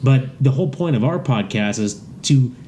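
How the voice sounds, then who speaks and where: Casting: male podcast co-host, warm relaxed tone, casual, faint background hiss. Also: medium pitch, normal speed. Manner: loose, swearing, asks questions. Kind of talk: casual chat.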